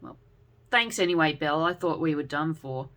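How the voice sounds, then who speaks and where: A woman's voice: sits low, lively intonation, moderate pace, a bit bright. Skeptical aunt, dry and scoffing, by a woman. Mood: grateful. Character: skeptical older aunt, wry.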